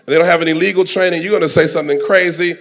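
A man's voice: a little high, fairly even intonation, racing. Preaching man, fiery and dramatic. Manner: dramatic, swings from soft asides to shouting. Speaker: pastor. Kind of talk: sermon.

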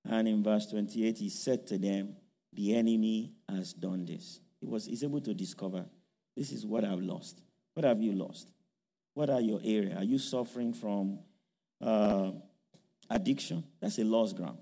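A man delivers a sermon, full of repeated questions and halting fillers, and he shouts out a quoted plea now and then. His voice is mellow and warm. It rings with the long reverb of a big hall. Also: lowish voice. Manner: rhetorical questions, fillers, rises to shouting when quoting. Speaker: preacher.

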